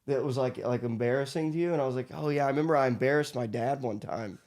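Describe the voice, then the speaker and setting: A man's voice: mid-range voice, fast talker. A man in his thirties from Arkansas, a podcast guest telling stories in a casual, laughing way and acting out the people he quotes. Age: 30s. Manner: laughing animated storyteller, acts out quotes. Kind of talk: casual storytelling.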